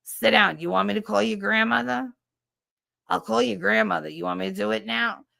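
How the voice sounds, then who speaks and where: A woman's voice: mid-range voice, brisk, creaky, bright, forceful tone, dry recording, clean studio sound. A woman putting on the voice of an older, chain-smoking school nurse who fusses and calls everyone darling. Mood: fussing.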